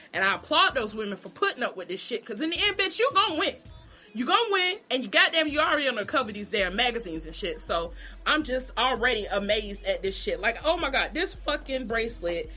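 A woman vlogger delivering an animated, profane comedic gossip rant straight to her viewers. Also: mid-range voice.

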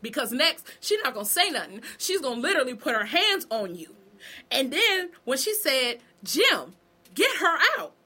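High, bright, profane woman. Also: moderate pace. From Savannah, Georgia. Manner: profane, animated, acts out characters. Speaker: TV recap vlogger. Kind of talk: casual TV show recap.

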